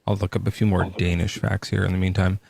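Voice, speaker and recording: A man's voice: low-pitched, flat delivery, fast, vocal fry, darkish tone. A man hosting a casual livestream debate show, talking with many fillers and restarts. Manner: hedging, lots of fillers and restarts. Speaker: podcast host.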